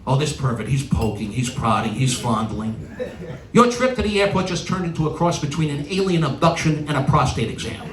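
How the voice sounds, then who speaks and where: A man's voice: a little high, a little fast. Middle-aged male stand-up with a New York accent, exasperated ranting delivery; recorded from a distance in a roomy live venue. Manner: animated punchline delivery with exasperated rants. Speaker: stand-up comedian. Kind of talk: stand-up comedy routine. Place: stage in a large venue with a live audience. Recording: roomy live hall from a distance, audience noise. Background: audience laughter and applause.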